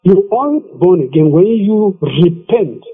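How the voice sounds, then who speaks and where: Emphatic preacher on a tinny phone line. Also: male voice, high-pitched, expressive, measured pace, breathy edge. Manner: emphatic, repeats scripture. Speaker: evangelist. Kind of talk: radio preaching.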